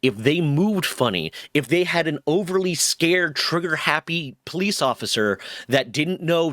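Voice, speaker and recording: A man's voice: medium pitch, a bit bright, dry recording. A man giving heated, profane commentary as a streamer, indignant in tone. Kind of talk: angry commentary.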